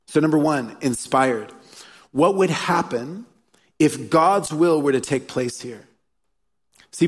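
A pastor with a mid-range voice and a breathy edge preaches with earnest storytelling, hammering home key phrases. The sermon was captured live in a reverberant church hall.

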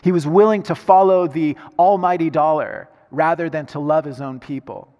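A man preaching a sermon, moving between hushed, slow lines and loud, emphatic passages. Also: on the high side. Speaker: pastor. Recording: reverberant hall sound.

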